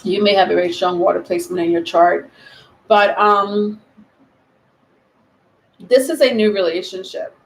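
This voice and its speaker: A woman giving a live tarot reading, rambling and thinking aloud with many pauses and ums. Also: mid-range voice, fairly even intonation. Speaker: tarot reader. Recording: roomy echo.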